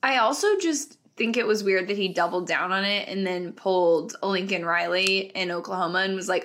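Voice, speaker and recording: A woman co-hosting a casual sports talk show, animated and quick, with lots of "like" in her speech. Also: medium pitch, slight background noise. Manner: animated, quick asides, frequent "like". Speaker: podcast co-host.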